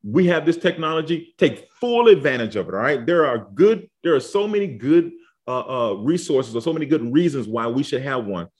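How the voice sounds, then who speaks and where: A man's voice: mid-range voice, sing-song, normal speed. A man giving an informal Bible study lesson, talking conversationally and often checking in with "okay?" and "all right?". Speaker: Bible teacher. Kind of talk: casual teaching talk.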